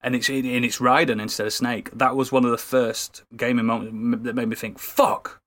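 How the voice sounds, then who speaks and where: A man with a British accent, chatting casually as a podcast co-host, animated, laughing and swearing often. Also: medium pitch, a little fast. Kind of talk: casual chat.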